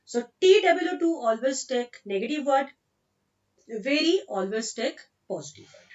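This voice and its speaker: A woman's voice: high-pitched, big pitch swings, a little slow, far from the mic, dull audio. A woman with an Indian English accent teaching an online grammar lesson, explaining patiently and repeating example sentences.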